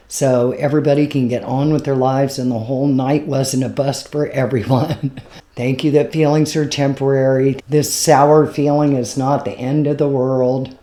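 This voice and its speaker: A woman's voice: extremely low pitch, fairly even intonation, moderate pace, warm tone. A woman comedian telling a story casually, frank and self-mocking, with laughs slipping in. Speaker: stand-up comedian.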